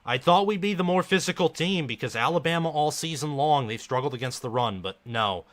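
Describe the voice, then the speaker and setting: Male live stream host with a bright, forceful voice, commenting on a game as a gloomy, frustrated fan. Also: on the high side, expressive, brisk. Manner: frustrated, dejected fan talk.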